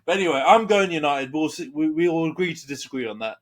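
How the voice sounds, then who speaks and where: A young man, a Man Utd fan, co-hosts a casual football podcast, bantering and often stumbling over repeated words. His voice is fairly high, expressive, and quick.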